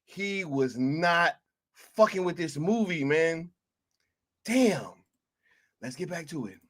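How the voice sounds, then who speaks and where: A man's voice: fairly high pitch, expressive, slow, fairly bright tone. A man streaming a reaction to a video, laughing hard and talking in loose, profane slang.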